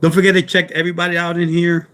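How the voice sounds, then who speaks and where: A man hosting a live stream, talking loudly and jokily, rambling and calling out chat members by name. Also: high voice, completely flat delivery, rapid-fire. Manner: loud, joking, rambling, talks to chat by name.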